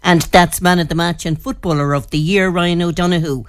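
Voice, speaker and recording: A woman, a radio news reporter, narrating a news report in a measured, informative way. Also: lowish voice, fairly even intonation, dry recording, studio quality, soft background music.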